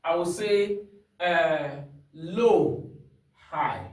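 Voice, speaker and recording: A man's voice: sits high, expressive, drawn-out words. A man teaching a singing lesson, explaining step by step and checking in often with his student. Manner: instructive, checks in often with "hmm?" and "you understand?". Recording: echoey room, mic far off.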